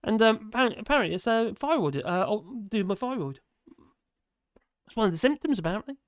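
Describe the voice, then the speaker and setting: Stream host, man, hoarse, self-mocking, hums between thoughts; dry home sound. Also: high voice, lively intonation, fast talker, no echo. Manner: rambling, chatty, self-mocking, hums to himself. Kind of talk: casual live stream chat, reading out comments. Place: at home in France. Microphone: desk microphone.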